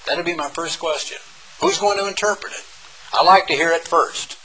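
A middle-aged man preaching a sermon, reading scripture slowly for emphasis and explaining it in a folksy, sarcastic way. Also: a little high, poor audio. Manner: animated, folksy and sarcastic asides; slows down to stress scripture phrases.

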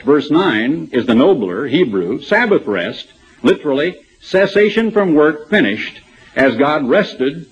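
A man's voice: on the high side, husky. A man preaching a sermon, reading passages aloud from commentaries and commenting on them wryly. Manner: reads quotes aloud then comments wryly. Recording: dull lo-fi recording.

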